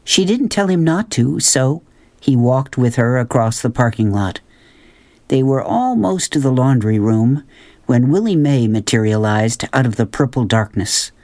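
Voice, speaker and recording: A calm, measured narrator reading a children's novel aloud. The pace is slow and unhurried, with a middle pitch. The recording is dry and close, with no room sound. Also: no echo. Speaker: audiobook narrator. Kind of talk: scripted narration.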